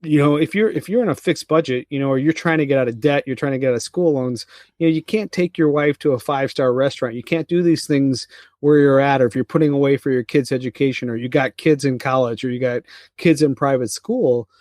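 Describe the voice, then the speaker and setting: A man's voice: mid-range voice, a little fast, darkish tone, no room sound, studio quality. A middle-aged man co-hosting a parenting podcast, telling a family story in a casual, rambling way with many restarts and fillers. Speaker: podcast co-host. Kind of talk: casual chat.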